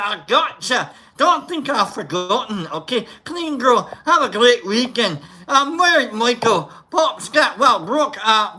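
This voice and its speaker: A livestream host giving casual, rambling shout-outs to viewers, joking around. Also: medium pitch. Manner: jokey, rambling, tries silly voices.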